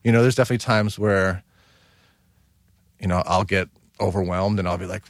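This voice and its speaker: A man's voice: sits low, steady tone, a little fast, dry recording, studio quality. A man, a guest chef, talking in a casual podcast conversation, rambling with many fillers.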